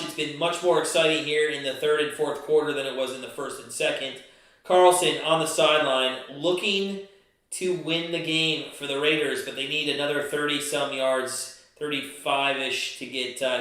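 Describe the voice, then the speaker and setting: A man hosting a live stream, giving excited play-by-play of a football game and breaking into angry shouts and swearing. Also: a little high, normal speed. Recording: very echoey room.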